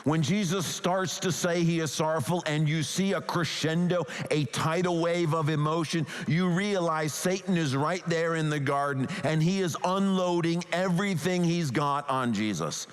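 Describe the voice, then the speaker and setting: A man's voice: fairly high pitch, moderate pace, hardly any pauses, smooth. A man preaching a sermon as a pastor, earnest and pleading as he talks. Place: church sanctuary. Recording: long hall reverb.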